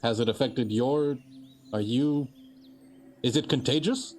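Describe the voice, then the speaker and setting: A man playing a tabletop game, animated and full of questions. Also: medium pitch, measured pace. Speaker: player. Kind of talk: tabletop role-play.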